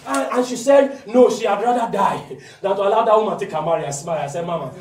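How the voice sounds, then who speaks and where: A man with a Nigerian accent preaching a sermon, shouting key lines and slowing down to stress them. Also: high-pitched, echoey room, distant mic, a crowd in the background. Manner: impassioned preaching, shouts and slows down for emphasis. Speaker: pastor.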